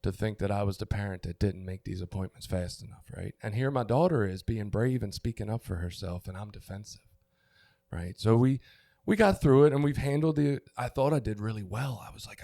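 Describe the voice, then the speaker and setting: A man's voice: fairly low pitch, fairly quick, vocal fry, dark tone, no room sound. A middle-aged man on a recovery podcast, speaking openly and searching for words, restarting often and swearing now and then. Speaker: podcast co-host. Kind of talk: candid recovery podcast talk.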